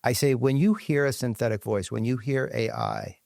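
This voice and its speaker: A man's voice: mid-range voice, normal speed, vocal fry. A man talks through his points as a guest in an interview, acting out little phone scenes as he goes. His voice sits in the middle range. The sound is dry, with no room echo. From United States. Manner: animated storyteller, acts out phone callers. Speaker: guest, company leader. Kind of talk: conversational interview.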